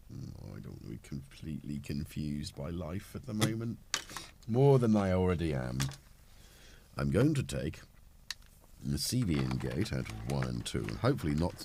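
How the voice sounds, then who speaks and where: A man's voice: a bass voice, darkish tone, slight background noise. A middle-aged man with a cold, chatting casually on a live stream as he fiddles with his gear, rambling and poking fun at himself. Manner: rambling, self-mocking, talks while tinkering. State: has a cold. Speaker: livestream host.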